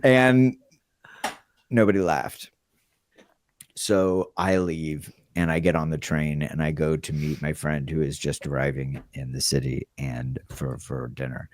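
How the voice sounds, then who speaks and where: A man with a very low voice tells a loose, rambling story to a friend. His delivery is animated and full of asides. The sound is close and dry, with no room around it. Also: measured pace, no room sound. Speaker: guest storyteller. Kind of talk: casual storytelling.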